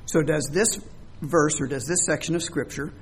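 A man's voice: a little high, normal speed, heavy background noise. A man preaching a sermon, explaining scripture words with everyday examples. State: coughing, throat troubled. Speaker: pastor.

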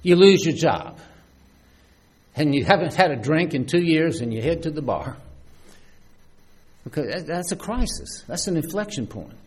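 Male preacher, husky and animated, conversational sermon style with restarts. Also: fairly high pitch, normal speed, pauses often. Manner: lively, conversational preaching with many restarts and asides.

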